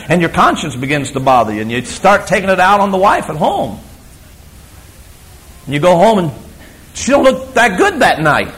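A male preacher with a high, gravelly voice that leaps all over the scale. He tells stories emphatically, swinging from loud declarations to hushed asides. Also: sing-song, normal speed, pauses often, low-quality recording. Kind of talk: sermon.

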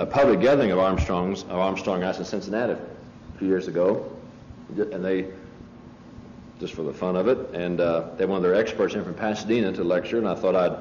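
A man with a fairly low voice gives a conversational sermon to a live audience, building his points with emphatic asides and storytelling. The recording is a dull, lo-fi tape with a faint hiss underneath. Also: a little mellow, echoey room. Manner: emphatic, storytelling, frequent restarts and asides to listeners. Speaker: preacher lecturing on a religious movement. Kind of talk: conversational sermon-style lecture with anecdotes.

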